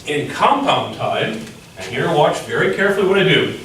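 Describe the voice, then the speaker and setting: A man's voice: a little high, sing-song, normal speed, a bit bright, slight background noise. A male music teacher explaining rhythm, often chanting beats aloud as syllables. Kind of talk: classroom lecture. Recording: echoey room from far off.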